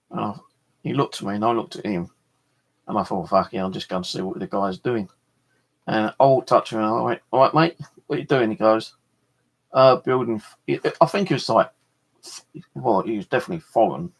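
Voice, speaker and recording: A man telling a rambling, casual story on his vlog, swearing freely and retelling conversations. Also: mid-range voice. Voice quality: gravelly, husky. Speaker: vlogger.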